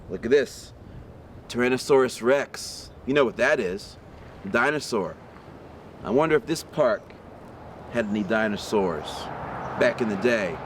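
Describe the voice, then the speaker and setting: A man reads a picture book aloud to children, taking his time over each word and stopping to ask them questions. He sits outdoors in a park on a windy day, with faint street noise and passing cars behind him. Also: medium pitch. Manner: slow, lively read-aloud with questions to young listeners. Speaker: storybook reader for children. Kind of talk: read-aloud storytelling.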